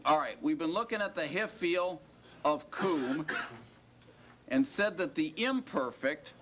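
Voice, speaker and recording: A man's voice: a little high, animated, fairly bright tone, slight background noise. A man teaching a class and lecturing, quizzing students and stretching out the key words. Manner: questioning, drawn-out stressed words. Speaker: Hebrew teacher.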